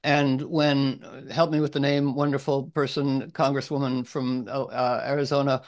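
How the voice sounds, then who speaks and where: A man hosts a loose group chat over a video call. He wanders through his thoughts, restarting sentences and clearing his throat often. His pitch sits in a middle range. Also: flat delivery, normal speed. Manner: rambling, repetitive restarts, frequent throat clearing. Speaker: group leader.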